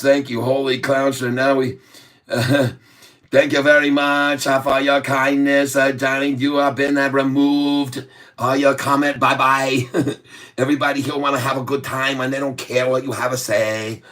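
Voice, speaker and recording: Slow, drawling jokey man. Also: medium pitch, a bit bright. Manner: drawling and jokey, chuckling between remarks; slow, drawn-out delivery when explaining trades. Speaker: stock trading livestream host. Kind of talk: casual livestream chat, reading viewer comments.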